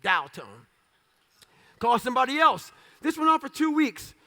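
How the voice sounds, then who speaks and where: A man telling his life story as a motivational speaker, blunt and profane in punchy short phrases, now and then bursting out loudly. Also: extremely high pitch, a little fast. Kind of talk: storytelling talk.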